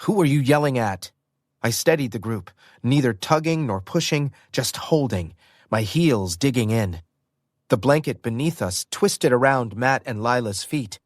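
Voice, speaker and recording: Guy reading an audiobook, expressive storyteller, mid pitch, dry studio mic. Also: measured pace, no room sound. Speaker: audiobook narrator. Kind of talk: first-person audiobook narration.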